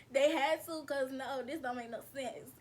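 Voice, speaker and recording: A woman vlogger with a slightly high voice chats straight to her viewers, slangy and loose, calling them y'all. A faint hiss sits under her talk. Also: measured pace, darkish tone. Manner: chatty, addresses viewers as y'all, slangy and laughing. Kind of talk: casual storytelling to viewers.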